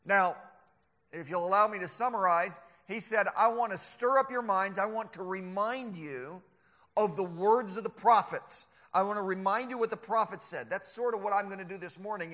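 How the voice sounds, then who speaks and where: A man preaching a sermon, animated, sometimes mimicking mocking scoffers. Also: sits high, moderate pace. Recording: long hall reverb.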